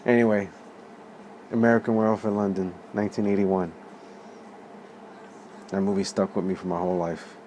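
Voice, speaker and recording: Man in his thirties, casual profane storyteller, lowish voice, faint room noise. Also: moderate pace, pauses often. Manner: profane, animated, laughs often. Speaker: vlog host.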